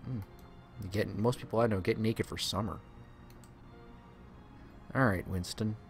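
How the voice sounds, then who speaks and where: A man's voice: fairly low pitch, a little slow, soft background music. A man streaming a game playthrough, reading the game's text aloud and adding sarcastic, profane asides.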